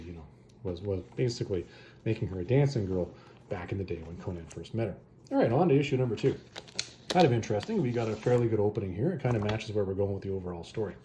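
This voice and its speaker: A man's voice: fairly low pitch, dark tone. A man hosting a comic review channel, recapping a story in a casual, rambling way with offhand asides. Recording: echoey room with faint noise.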